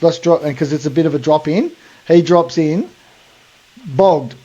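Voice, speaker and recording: A man's voice: fairly high pitch, a little slow, warm tone, slightly rough, highs cut off. An Australian man hosting a podcast, telling a long story in a rambling, slangy way full of fillers. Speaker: podcast host. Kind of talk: casual storytelling.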